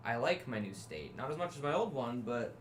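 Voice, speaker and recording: A man's voice: medium pitch, very animated, brisk, a little hiss or hum. A man playing in a tabletop role-playing game, bantering playfully and often speaking in character. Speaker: player.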